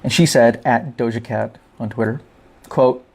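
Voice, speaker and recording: A man's voice: medium pitch, measured pace, creaky. A man hosting his podcast, talking through the topic in a casual, joking monologue with a wry tone. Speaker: podcast host.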